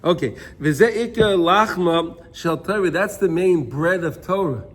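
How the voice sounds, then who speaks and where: A man's voice: sits high, unhurried. A man teaching an informal Torah class, telling stories and often checking in with "right?".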